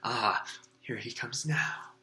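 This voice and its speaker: A man's voice: mid-range voice, slow, pushed and bright. A man reading aloud and voicing a stern, furious older woman professor who scolds in clipped, formal sentences.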